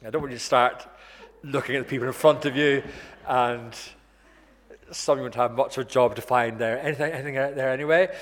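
A man preaching a sermon in an earnest, measured way, slowing down to stress key words. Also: mid-range voice, steady tone, fairly bright tone, a little hiss or hum. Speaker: pastor. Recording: long reverb in a church hall.

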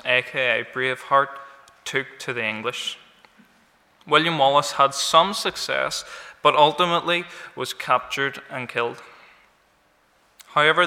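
Bright-voiced male preacher in an echoing hall. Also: medium pitch. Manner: animated, rising in emphasis on key words; light self-deprecating humor. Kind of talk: sermon. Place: church. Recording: long church-hall reverb.

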